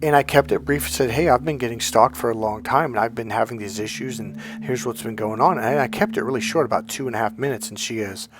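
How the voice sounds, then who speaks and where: A man's voice: mid-range voice, fast, few pauses. Man telling a candid, profane story. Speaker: coach. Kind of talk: casual monologue.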